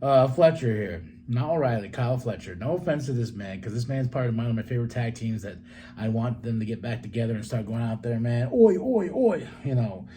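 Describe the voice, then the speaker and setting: A man hosting a solo podcast, recapping a wrestling show in a loose, excitable way with swearing, asides and laughs. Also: mid-range voice, brisk, a little hiss or hum. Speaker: podcast host.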